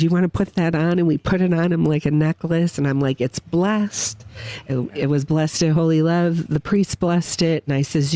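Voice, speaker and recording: Her voice sits low, with no echo around it. The woman, a guest witness on a podcast at a winery, tells a personal story emotionally and with animation, performing the things people said to her.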